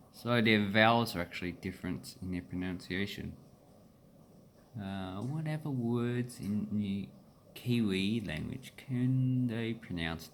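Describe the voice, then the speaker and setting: A man with an Australian accent explaining pronunciation in a relaxed, meandering way, with filler pauses. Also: lowish voice, a little hiss or hum. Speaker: language teacher. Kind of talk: casual explanatory lesson.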